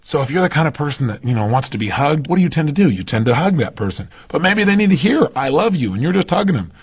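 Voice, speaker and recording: A man's voice: a little high, very animated, quick pace, slightly rough. A man giving an emphatic motivational seminar talk, often putting rhetorical questions to his audience. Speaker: motivational speaker.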